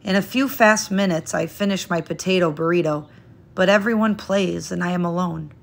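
A woman reading a children's picture book aloud in a gentle, expressive, unhurried way. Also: on the low side, creaky. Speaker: storyteller.

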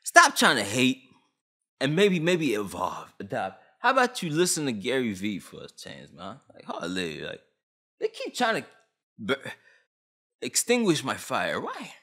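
A man's voice: medium pitch, wildly swooping pitch, measured pace, pushed and bright, husky. A young man from Canada ranting on camera about a law, agitated, blunt and full of slang. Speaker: vlogger. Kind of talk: heated opinion rant.

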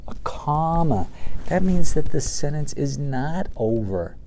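A man's voice: fairly high pitch, very animated, slow, warm tone, slight background noise. A man teaching a reading lesson to young children, patiently sounding out words and reading aloud from a picture book.

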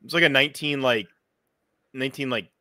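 A man's voice: mid-range voice, fairly quick, pushed and bright, no echo, clean studio sound. A man narrating as game master, rambling with many fillers and restarts.

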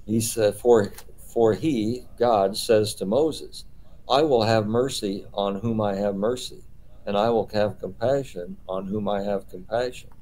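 A man's voice: fairly low pitch, a little slow, dark tone, poor audio. A man leading a small-group Bible study, explaining patiently and posing rhetorical questions.

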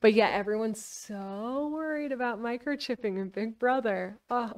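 A woman's voice: fairly high pitch, a little slow, recorded from a distance. A woman streamer chatting casually with viewers and reading a book aloud, giggly and full of fillers.

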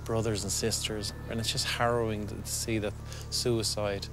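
An Irish man speaking gently in a documentary, asking brief, careful questions. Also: lowish voice, little pitch movement, normal speed, background noise. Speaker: undercover visitor. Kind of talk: documentary conversation.

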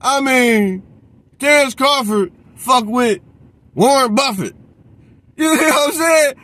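Guy going off about boxing, high voice, cussing, aave, keeps saying he's sick of it. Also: slow, pushed and bright, no room sound. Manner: profane, repeats a catchphrase, mocks others in put-on voices. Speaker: boxing commentator. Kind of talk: heated rant.

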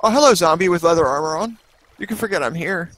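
A young man with an animated, fairly high voice talks his way through the game and swears freely. He narrates every setback as it happens. Clear background noise sits under his voice. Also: fast talker. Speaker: co-player. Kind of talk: casual gaming chat. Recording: noisy recording.

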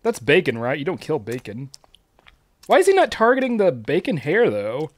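Excitable man streaming a game, animated. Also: fairly high pitch, moderate pace, no echo. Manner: excitable, teasing other players. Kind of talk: live gameplay commentary.

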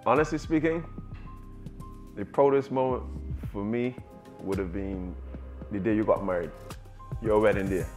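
A man's voice: on the low side, normal speed, pauses often, darkish tone. Young man, easygoing, laughs often, friendly question chat, faint music. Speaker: cricketer asking questions. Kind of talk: casual chat between friends.

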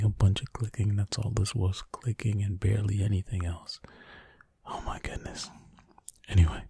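Man, slow breathy whisper, low and gravelly, fretful self-talk, close mic ASMR commentary. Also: flat delivery, dark tone, dry recording. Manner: fretful muttering to himself. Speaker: ASMR creator.

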